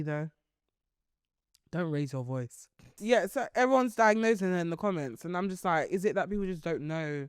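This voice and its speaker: A young woman co-hosting a podcast in casual chat, playfully teasing and dropping low for asides. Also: expressive, normal speed, clean tone, no echo, studio quality. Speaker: podcast co-host.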